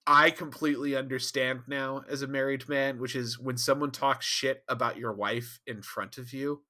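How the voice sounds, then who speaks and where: Bright-voiced laughing podcast host man. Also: medium pitch. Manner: animated, profane, laughs often. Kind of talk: casual chat.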